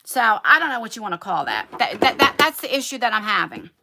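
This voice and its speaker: A woman chatting casually with viewers during a livestream, animated and talkative, speaking from a converted attic bedroom. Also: a little high, quick pace, noisy background. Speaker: beauty YouTuber.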